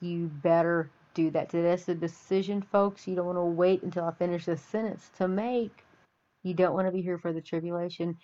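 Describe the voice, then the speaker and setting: A woman's voice: lowish voice, fairly even intonation, moderate pace, dark tone. A woman from the Texas Panhandle, hosting an opinionated monologue with a folksy, preachy and emphatic delivery. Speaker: podcast host. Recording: dull lo-fi audio.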